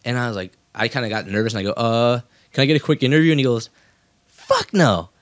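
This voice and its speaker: A man's voice: mid-range voice, very fast, no room sound, studio quality. A man hosting a casual MMA talk show, telling stories and acting out quotes with energy. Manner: animated storyteller, acts out quotes in a raised voice. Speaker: podcast host. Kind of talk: casual chat.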